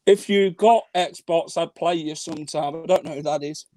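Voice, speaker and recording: A man's voice: a little high, moderate pace, dark tone. An English man co-hosting a live fan stream, joking and reading out viewer comments. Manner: jokey, laughing, reads comments aloud. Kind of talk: casual live-stream banter.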